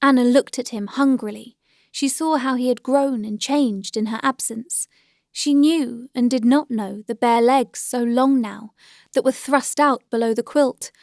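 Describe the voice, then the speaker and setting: A woman's voice: high voice, gravelly, darkish tone, no echo, clean studio sound. Woman reading a classic novel aloud. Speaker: audiobook narrator. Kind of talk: scripted narration of a classic novel.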